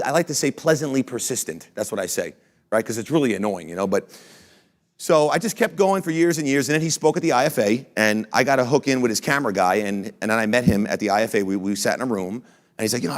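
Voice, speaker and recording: Man, founder type, quick and punchy motivational storyteller, mid-range voice, talks straight to the crowd. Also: mid-range voice. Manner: energetic, blunt, swears casually. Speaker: company founder and CEO speaking to an audience. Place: room with a live audience.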